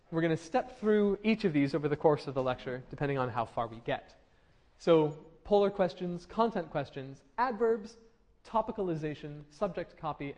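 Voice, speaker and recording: A man's voice: fairly high pitch, a little mellow. A man giving a classroom lecture, conversational, with frequent fillers and restarts, asking the class questions. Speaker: university lecturer.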